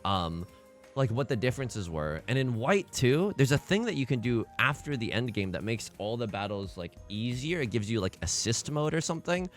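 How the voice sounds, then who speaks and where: A man's voice: medium pitch, sing-song, normal speed, soft background music. A young man commentating his own game in a sarcastic, self-mocking way, with sudden theatrical outbursts. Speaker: let's play host.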